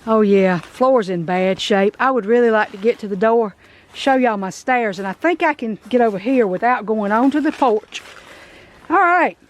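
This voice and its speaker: A middle-aged woman with a warm Southern US drawl hosts a casual vlog outdoors, her chatty, folksy talk a little emotional. A light hiss of outdoor noise sits under the voice. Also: fairly high pitch, animated, normal speed. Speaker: vlog host. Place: outdoors at an abandoned house.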